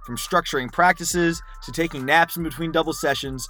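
A man's voice: a little high, a little fast, bright, forceful tone, faint music behind. A young man hosting a sports podcast, telling a long story in a rambling way full of "like"s. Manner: rambling, filler-heavy anecdote telling with many "like"s. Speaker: podcast host. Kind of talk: casual storytelling chat.

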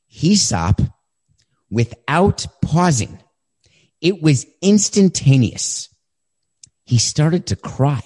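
A man's voice: mid-range voice, slow, pauses often. A man in his fifties hosting a podcast, answering listener questions in a direct, conversational way and telling stories. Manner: direct, conversational, animated when retelling. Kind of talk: casual storytelling.

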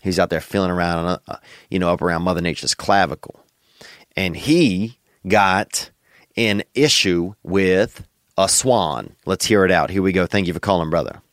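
A young man hosts a podcast with a low, relaxed voice, drawling and joking in slang. The sound is dry and close, with no room around it. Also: moderate pace, no echo. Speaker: podcast host. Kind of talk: casual comedic chat.

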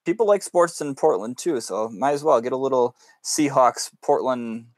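Relaxed male podcast co-host, dry sound. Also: mid-range voice, normal speed, no echo. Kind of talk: casual sports podcast chat.

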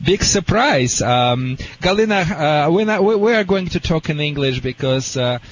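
A man's voice: fairly high pitch, lively intonation, moderate pace. Russian-accented man, stammering and playful. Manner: hesitant, stammering restarts, playful. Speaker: dog trainer guest expert. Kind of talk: radio call-in advice. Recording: slightly dull radio sound with faint hiss.

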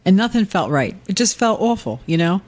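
A woman's voice: medium pitch, brisk. A woman in casual on-air chat, telling a story and acting out the voices of the people in it. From Irish Catholic family. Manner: animated, acts out quoted voices, laughs often.

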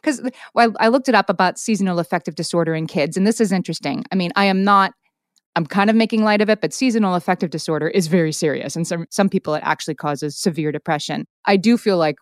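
A middle-aged woman co-hosting a podcast, leading the talk in a brisk, lightly joking way. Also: on the low side, no echo, clean studio sound. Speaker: podcast co-host. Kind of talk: casual chat.

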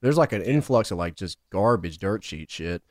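A man's voice: low voice, animated, moderate pace, darkish tone, no room sound, clean studio sound. A man co-hosting a podcast, talking in loose, profane, laughing banter. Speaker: podcast co-host. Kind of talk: casual podcast chat.

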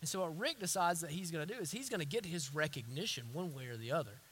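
A man preaching a sermon, swinging from hushed, intimate lines to forceful repeated declarations, with frequent restarts. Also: fairly high pitch, lively intonation, fast talker, a little hiss or hum. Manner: hesitant restarts and stammers. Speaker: pastor.

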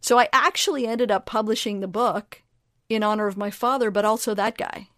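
A woman guest and author talking in a casual conversation, energetic and emphatic. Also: medium pitch, a little fast, dry recording, studio quality. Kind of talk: casual chat.

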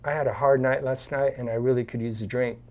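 A man's voice: medium pitch, quick pace. A man telling a story on a podcast, acting out the voices of the people in it. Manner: animated storyteller acting out quotes. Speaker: podcast guest. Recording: video call.

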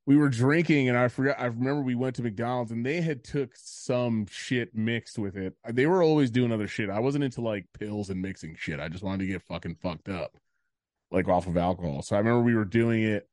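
A man's voice: medium pitch, fairly quick, a little mellow, no room sound, studio quality. Profane rambling man telling a story. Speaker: podcast co-host. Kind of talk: casual storytelling chat.

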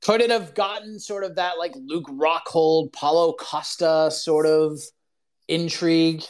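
A man hosting a live call-in show, ranting in an animated, opinionated way full of "like" fillers. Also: fairly high pitch, unhurried. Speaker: podcast host.

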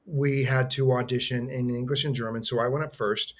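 A man, an actor, telling a story in a casual, animated way as a guest. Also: medium pitch, a little fast.

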